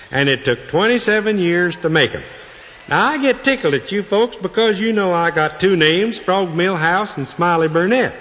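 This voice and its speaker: A middle-aged male comedian with a cold tells folksy jokes to an audience from a big stage, his voice high and fairly bright. He drawls through rural, down-home humor in a monologue. The reverberant hall carries audible crowd ambience.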